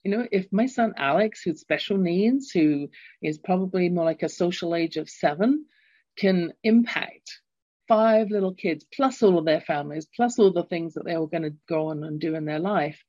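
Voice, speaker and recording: A woman's voice: lowish voice, warm tone, no room sound. A woman in her fifties talking earnestly in a conversational interview, telling inspirational stories. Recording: dull lo-fi sound.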